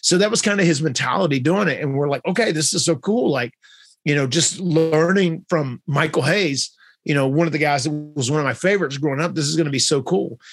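A man's voice: a little high, fairly quick. A man hosting a podcast, telling stories animatedly and acting out what others said. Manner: animated, acts out quotes in other voices. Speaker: podcast host. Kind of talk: storytelling in conversation.

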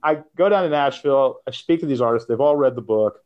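A middle-aged man speaks at a middle pitch as an interview guest. He tells his story with animation, acting out quoted voices and laughing between lines. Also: quick pace, muffled recording. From United States. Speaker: guest author.

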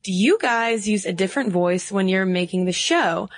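A woman's voice: mid-range voice, moderate pace, no room sound, clean studio sound. A woman from the American South co-hosting a podcast in casual chat, laughing often. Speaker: podcast co-host.

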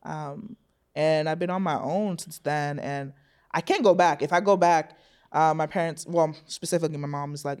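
A woman's voice: sits low, normal speed, darkish tone, clean tone. A young woman speaking as a podcast guest in an earnest, reflective way, laughing easily. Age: young adult. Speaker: guest, psychology student. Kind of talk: casual podcast conversation.

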